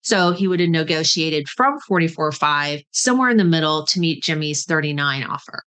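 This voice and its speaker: Chatty woman host, low voice. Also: expressive, normal speed, fairly bright tone, clean tone. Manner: chatty, peppers talk with "right?" and "okay?". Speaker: podcast host. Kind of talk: casual teaching talk.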